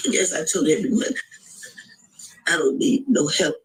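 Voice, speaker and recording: A grieving middle-aged woman, tearful and halting, pleading in an emotional video appeal. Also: lowish voice, animated, rough recording. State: tearful, voice breaking. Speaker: grieving mother.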